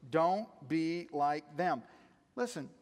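An older man preaching a sermon as pastor, conversational and earnest, swinging from hushed to loud. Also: a little high, expressive, slow pace. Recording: echoey hall reverb.

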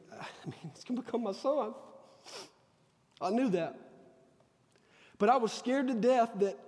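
A man's voice: high voice, a little mellow, long reverb tail. A man preaching a sermon, telling a personal story earnestly and acting out the dialogue. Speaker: pastor. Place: church sanctuary.

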